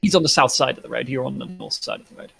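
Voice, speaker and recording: Male game master, mid-pitched, halting descriptive narration. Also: wildly swooping pitch, gravelly, bright, forceful tone, slightly rough, no echo, low-quality recording.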